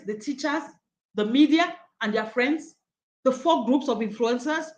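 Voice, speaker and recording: Animated woman teaching, echoey room. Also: sits high. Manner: animated, acts out quoted voices, laughs often. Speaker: coach leading a daily wisdom study. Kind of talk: teaching talk on Proverbs.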